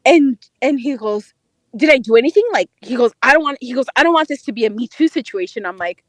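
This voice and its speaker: Brisk and animated, this young dating correspondent co-hosting a podcast laughs and curses her way through a casual story. Her high voice swoops up and down with the plot, and the recording is close and dry with no surrounding room.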